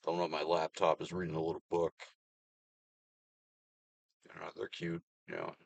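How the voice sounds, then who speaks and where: A man in his thirties rants in a low, deep voice. He swears freely and breaks into sarcastic laughs. The sound is close and dry. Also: monotone, moderate pace, gravelly, no room sound. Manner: profane, ranting, sarcastic laughs. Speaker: vlogger. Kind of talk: casual rant to camera.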